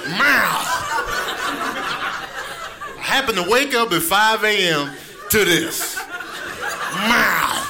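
A bossy, indignant house cat, raised and loud as it demands its food, as a man puts it on. The pitch sits high and the tone stays pushy. A noisy live room hums behind it.

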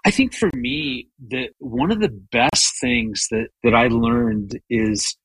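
A man's voice: medium pitch, very animated, slow pace, a bit bright, husky, dry recording, poor audio. A man in his fifties, a guest talking earnestly about marriage, restarting often as he tells a story. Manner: earnest, frequent stammered restarts. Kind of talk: conversational storytelling.

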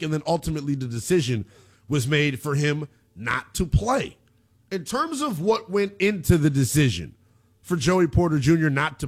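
A man hosting a casual sports talk monologue, talking straight to his listeners with frequent "right?" asides. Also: fairly high pitch. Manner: animated, conversational, lots of "right?". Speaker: sports commentator. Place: home studio.

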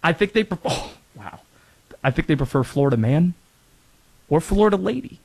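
A man's voice: on the high side, animated, moderate pace, creaky. A man from North Carolina hosting a casual sports talk show, chatty with rambling asides. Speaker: sports radio host.

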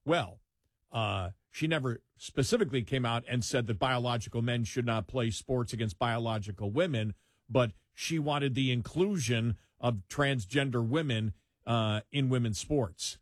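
A man co-hosting a talk show, speaking in emphatic, animated commentary with frequent laughs. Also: medium pitch, normal speed, no room sound, clean studio sound. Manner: animated, emphatic, laughs while mocking opponents. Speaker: co-host.

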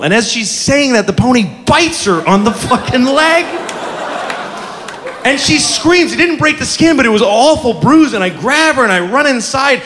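A man doing stand-up comedy, telling a story animatedly, often shouting and swearing. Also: very high-pitched, expressive, normal speed, long reverb tail. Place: comedy venue, indoors. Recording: live club with loud crowd and noise.

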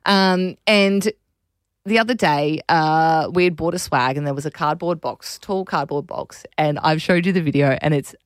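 A woman's voice: low voice, moderate pace, no echo, studio quality. A woman in her thirties with an Australian accent, hosting a casual radio chat, telling stories animatedly and laughing often. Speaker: radio host. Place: radio studio. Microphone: studio mic.

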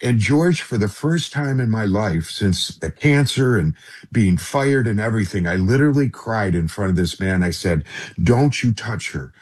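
A man's voice: on the low side, expressive, normal speed, breathy edge. A middle-aged man, a guest on a radio interview, earnestly telling a personal story and often addressing the host by name.

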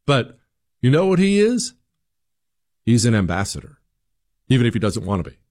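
A male commentator talking straight to his listeners in an emphatic monologue, his voice leaping up and down in pitch. He repeats words and restarts phrases as he pushes his points. The sound is dry and close, with no room around it. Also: normal speed, no room sound. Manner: emphatic, animated, rhetorical questions, acts out quoted voices. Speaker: political commentator host.

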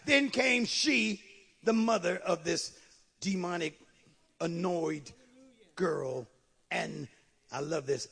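A man preaching a sermon with fervor, dropping to a hush and then rising to shouts. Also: high-pitched, gravelly, breathy edge. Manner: impassioned, swings from hushed to shouting.

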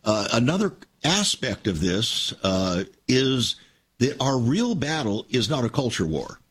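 A man's voice: mid-range voice, very animated, a little slow, fairly bright tone, breathy edge. An older man hosting a Christian radio talk show, telling stories earnestly and with emphasis.

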